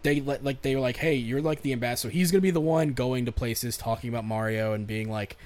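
A young man co-hosting a podcast, rambling excitedly about video games with lots of swearing and restarts. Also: mid-range voice, fast. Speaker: podcast co-host. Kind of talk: casual chat about games and movies.

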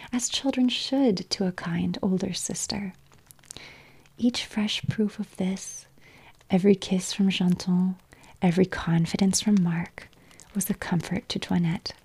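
A woman tells a story in a continuous soft whisper, very breathy and husky. Her tone is dark and mellow, with a gravelly edge at the ends of phrases. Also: medium pitch. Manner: soft, slow whispered reading.

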